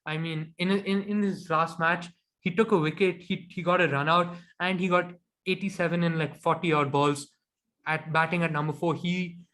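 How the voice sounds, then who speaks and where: Chatty man with a higher voice. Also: fairly even intonation, normal speed, a bit bright. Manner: chatty, opinionated, with frequent ums. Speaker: podcast co-host. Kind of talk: casual cricket chat.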